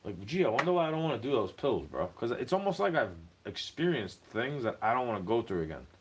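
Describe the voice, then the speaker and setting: A man's voice: medium pitch, very animated, fast, noisy background. A young man ranting to camera in a heated, profane monologue, slipping into mocking put-on voices.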